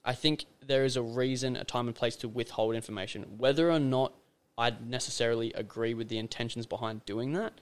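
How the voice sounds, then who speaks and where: A man's voice: medium pitch, steady tone, brisk, hardly any pauses, clean tone. Rambling young man. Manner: rambling, loose storytelling with many fillers. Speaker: podcast guest. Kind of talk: casual conversation.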